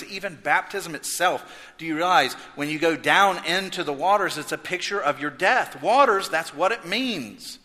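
A man preaching a sermon as pastor, swinging from loud emphasis to hushed intensity. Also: on the high side, lively intonation, moderate pace, few pauses. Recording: echoey hall reverb.

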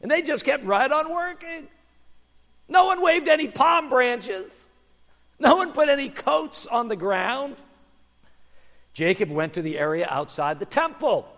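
A man pastor telling a children's sermon story in an animated way, then praying quietly. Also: very high-pitched, a little slow, long pauses. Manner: animated storyteller, hushed in prayer. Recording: long hall reverb.

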